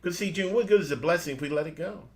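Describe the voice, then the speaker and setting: A man's voice: on the high side, racing, a little mellow. A man co-hosting a casual morning show, upbeat, laughing often and calling his listeners family. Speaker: co-host.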